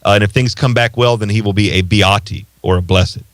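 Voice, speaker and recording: A man's voice: lowish voice, fairly even intonation, fairly bright tone, dry recording. A man who is a priest, co-hosting a casual talk show, conversational and joking. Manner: conversational, quick jokes, frequent restarts. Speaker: priest co-host. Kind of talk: casual chat.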